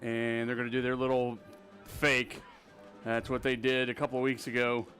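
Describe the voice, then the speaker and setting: A man calling a live high school football game play by play, rapid and excitable on big plays, with a Texan accent. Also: faint music behind. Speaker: play-by-play announcer.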